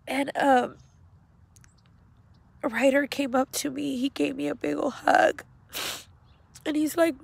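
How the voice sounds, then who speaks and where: Woman, high voice, gravelly fry, halting emotional retelling. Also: fairly even intonation, no echo. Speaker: grieving mother. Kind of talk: personal storytelling vlog. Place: outdoors at a cemetery.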